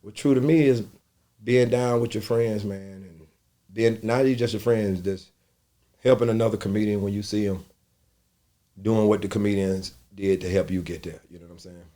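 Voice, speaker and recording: A middle-aged male comedian telling casual, profane stories in an interview. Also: moderate pace. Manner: animated, profane storytelling that jumps into loud high quoted voices.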